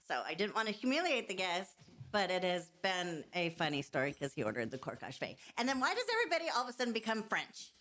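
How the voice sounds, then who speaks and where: A woman telling a restaurant story in casual chat, playful and lively, sometimes acting out what she said. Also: fairly low pitch, fast, few pauses, a little hiss or hum. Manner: lively, playful, mock-formal quoting. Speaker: server sharing work stories.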